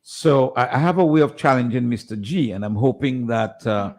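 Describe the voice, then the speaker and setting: A man on a tribute committee speaking on radio, halting and full of restarts and fillers. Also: medium pitch, darkish tone. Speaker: committee member.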